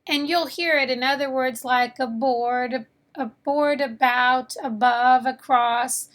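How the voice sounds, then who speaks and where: A woman teaching English phonics, saying each sound slowly and clearly and repeating it. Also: high-pitched, sharp tone. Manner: slow, carefully enunciated, repeats each sound. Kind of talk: slow phonics lesson.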